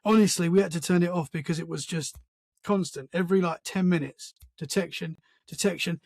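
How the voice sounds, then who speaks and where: High gravelly man telling a story. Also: brisk, no room sound. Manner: animated storyteller, acts out sounds and quotes; many restarts and "man" fillers. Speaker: podcast guest. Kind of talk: casual storytelling conversation.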